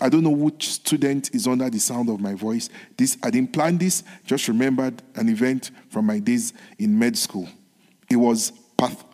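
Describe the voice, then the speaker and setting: Man preaching a sermon, earnest, repetitive, dropping to whispers, in a reverberant hall. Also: mid-range voice. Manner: earnest, repeats phrases, moves between soft whispered lines and raised ones.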